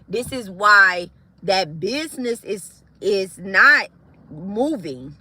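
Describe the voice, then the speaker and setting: A woman's voice: medium pitch, lively intonation, extremely slow, long pauses, sharp tone, husky. A woman spiritualist ranting to her viewers on a livestream, heated, confrontational and profane. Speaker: spiritualist live streamer.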